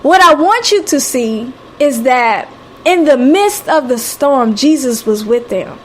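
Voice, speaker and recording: This is a woman with a Southern American accent and a high voice. She speaks in a live motivational talk, sounding encouraging and preacher-like. She repeats her key phrases and calls listeners honey and sweetie. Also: sing-song, a little slow. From Southern United States. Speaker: radio host. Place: home, live stream.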